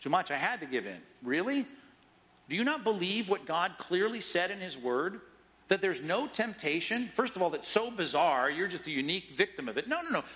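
A man preaching a sermon in an animated way, acting out the voices of doubters as he reads and explains scripture. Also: sits high, moderate pace, low-quality recording. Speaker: pastor.

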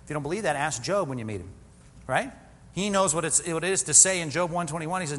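A man's voice: a little high, fast, fairly bright tone, big-room sound. A man preaching a sermon as a pastor, conversational and joking, full of rhetorical questions. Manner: conversational, self-deprecating humor with rhetorical questions.

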